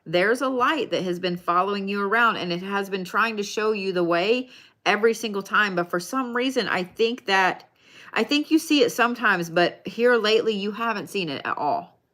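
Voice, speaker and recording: A woman's voice: medium pitch, lively intonation, moderate pace, a bit bright. A woman giving live card readings, talking casually and addressing viewers by name. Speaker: tarot card reader.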